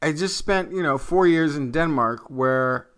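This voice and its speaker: A man's voice: on the high side, a little slow, a bit bright, clear, resonant tone. A man co-hosting a science podcast, talking casually, rambling and restarting as he hunts for words. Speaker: podcast co-host.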